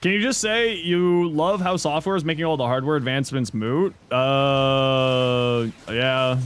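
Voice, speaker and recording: A man's voice: a little high, moderate pace, a little hiss or hum. A man in his thirties casually chatting on a game stream, answering chat with loose jokes and mild swearing. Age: 30s.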